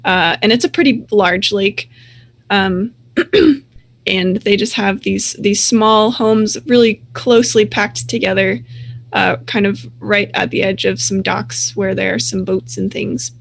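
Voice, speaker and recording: A woman narrating as game master of a tabletop game, measured and thoughtful. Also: medium pitch, gravelly.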